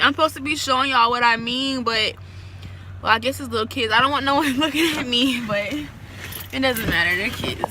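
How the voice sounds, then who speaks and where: A young woman talking casually to her phone camera in a chatty, slangy, rambling way, partly outdoors by a parked car. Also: a little high. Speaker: vlogger. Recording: loud street noise outdoors.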